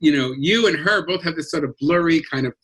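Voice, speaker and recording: A middle-aged man from Los Angeles, a comedian telling stories in a lively, animated way on a video call. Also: fairly high pitch, fairly quick. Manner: animated, jumps into character voices and accents. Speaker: guest comedian. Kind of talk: casual storytelling chat.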